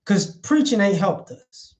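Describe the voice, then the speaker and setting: A man with a high-pitched voice delivering a blunt, profane commentary vlog. He drives each point home by repeating short phrases, emphatic and cutting. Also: very animated, unhurried, darkish tone.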